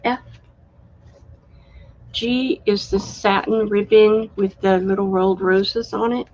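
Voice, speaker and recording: A woman hosting a live-stream craft sale, chatty and unhurried, admiring each item as she shows it. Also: medium pitch, fairly even intonation, darkish tone, lo-fi sound. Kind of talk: live-stream sales chat.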